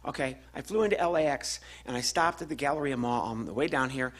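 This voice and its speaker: A fast-talking man with a medium-pitched voice performs a stand-up routine, animating his story by taking on each person's voice. He's at a live venue with a laughing crowd.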